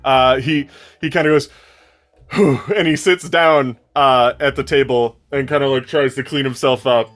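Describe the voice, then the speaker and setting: Rambling bright-voiced young game master. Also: male voice, medium pitch, steady tone, normal speed, soft background music. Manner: loose, rambling narration with many fillers. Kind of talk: narrating a tabletop game.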